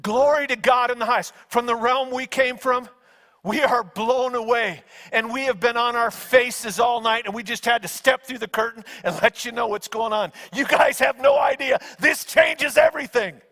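A man's voice: very high-pitched, normal speed. A man preaching a sermon, telling stories dramatically and raising his voice at key moments. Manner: animated storytelling, acting out angels with shouts. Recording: long hall reverb.

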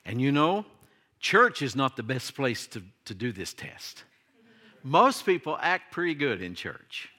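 A man's voice: medium pitch, sharp tone. A middle-aged man preaching a sermon to his congregation in a conversational way, full of questions and light humor. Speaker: pastor.

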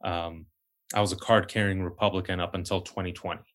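A man hosting a podcast, thanking his guest and closing the episode in a halting, restarting way. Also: sits low, little pitch movement, fairly bright tone. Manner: halting, many restarts and fillers. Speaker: podcast host. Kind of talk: casual interview chat.

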